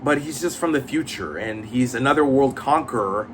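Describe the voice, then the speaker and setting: A man's voice: medium pitch, animated, normal speed, slight background noise. A man reviewing comic books in casual chat, blunt, profane and rambling with many fillers.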